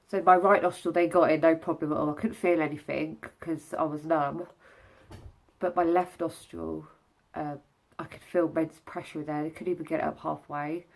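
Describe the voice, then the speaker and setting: A young woman talks through her recovery in a chatty, candid way. Her voice sits a little low and sounds stuffed up, and she breaks off now and then to catch her breath. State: stuffy nose, short of breath. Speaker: vlogger. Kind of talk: casual vlog recovery update.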